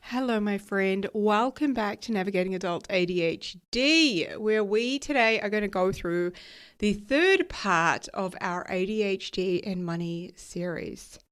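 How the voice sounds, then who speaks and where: A woman hosting her own podcast as a coach. Her voice is raspy and nasal because she is still recovering from losing it, and she talks in a chatty, upbeat way, tagging sentences with "right?" and "okay?". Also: mid-range voice, animated, measured pace. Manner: chatty and upbeat, laughs often, uses "right?" and "okay?" as tags. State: recovering from lost voice. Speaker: podcast host and ADHD coach. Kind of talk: casual solo podcast talk.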